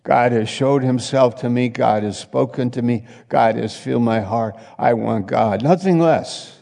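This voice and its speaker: Middle-aged male preacher, slow and dramatic, gravelly, in a church hall with a long echo. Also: medium pitch. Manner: animated, swings between loud exclamations and quiet asides. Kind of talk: sermon with acted-out scenes.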